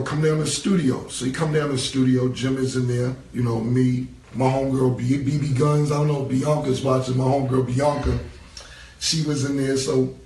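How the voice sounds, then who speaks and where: A man's voice: medium pitch, darkish tone, slight background noise. A man telling a long story in a casual interview, acting out what people said along the way. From New York. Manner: rambling, acts out quoted dialogue. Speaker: interview guest. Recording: roomy, distant-mic recording.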